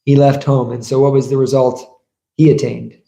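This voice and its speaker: A man's voice: mid-range voice, little pitch movement, normal speed, creaky, mellow. A man giving a scripture class as a sermon, telling stories and asking the audience questions. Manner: storytelling, asks the audience rhetorical questions. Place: temple hall. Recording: echoey room.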